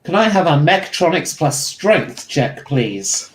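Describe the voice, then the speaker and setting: A man with a voice pitched a little above the usual, telling the story of a tabletop game as its game master. He rambles along easily, with filler words and restarts, and sets the scene at an unhurried pace. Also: slight background noise. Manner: rambling, relaxed narration with fillers.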